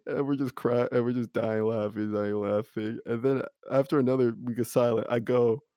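A man's voice: mid-range voice, fairly even intonation, moderate pace, smooth, dry recording, lo-fi sound. A young man casually telling a rambling story, full of "like" and frequent laughter. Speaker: podcast co-host.

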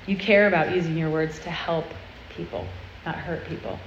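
A woman's voice: deep voice, fairly even intonation, normal speed, slight background noise. A woman delivers an earnest, confessional sermon to a group of girls, keeping it conversational with frequent check-ins to her listeners. Her voice carries through a roomy hall, slightly muffled, with faint ambience behind her. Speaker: speaker at a girls' church event.

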